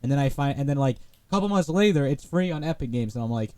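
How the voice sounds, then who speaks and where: A man's voice: medium pitch, animated, quick pace, dark tone, no echo. A man guesting on a podcast, talking casually in a rambling, enthusiastic way. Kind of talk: casual chat.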